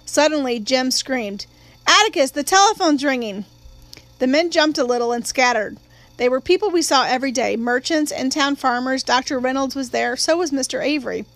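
High-voiced woman narrating an audiobook. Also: brisk, no room sound. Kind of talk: scripted narration.

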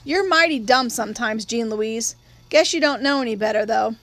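A woman's voice: a little high, moderate pace, a bit bright. A woman doing a smug, taunting boy cousin. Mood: jeering. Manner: jeering, tattling.

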